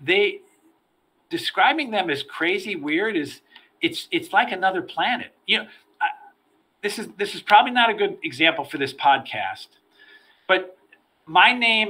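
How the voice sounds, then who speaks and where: A middle-aged man, a former federal agent, telling stories from his career as a podcast guest, animated and repeating words as he starts his sentences. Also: on the high side, moderate pace. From United States. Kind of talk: storytelling in a podcast interview.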